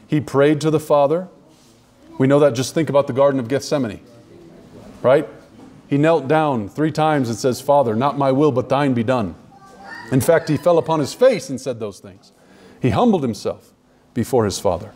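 This sermon comes from a man whose mid-range voice carries a darkish tone. He's emphatic, speaks right to the crowd, and slows down whenever a key word needs weight.

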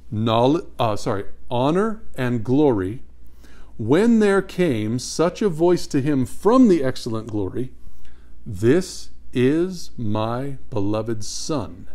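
A man teaching a Bible study in an emphatic, questioning way. His voice sits at a middle pitch. He reads passages aloud, then stops to put questions to his listeners. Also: darkish tone. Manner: emphatic, asks the audience questions and repeats answers.

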